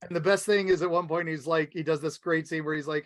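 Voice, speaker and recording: A man co-hosting a podcast in casual chat, rambling and animated as he retells movie scenes. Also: fast, few pauses, dry recording, clean studio sound. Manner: rambling, animated, acts out movie lines in a high voice. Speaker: podcast co-host.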